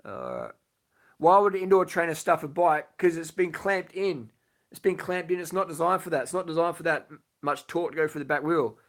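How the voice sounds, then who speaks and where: A man's voice: on the high side, big pitch swings, a little fast, a bit bright. Blunt, casual man on a live stream. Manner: blunt, swears casually, repeats himself. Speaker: vlogger answering live chat questions. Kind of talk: casual late-night live stream chat. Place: lying in bed at home.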